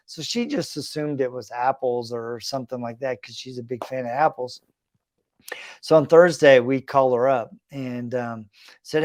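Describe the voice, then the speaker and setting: A man's voice: fairly high pitch, normal speed, a little mellow, no echo, clean studio sound. Earnest man telling a story. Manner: earnest, reflective, conversational with fillers. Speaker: podcast host. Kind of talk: personal storytelling monologue.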